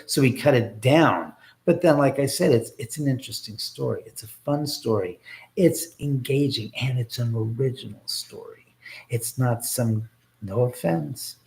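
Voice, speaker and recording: A man hosting a casual livestream from his home, rambling and sarcastic, swearing freely and answering viewer comments as they come in. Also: mid-range voice. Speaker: livestream host.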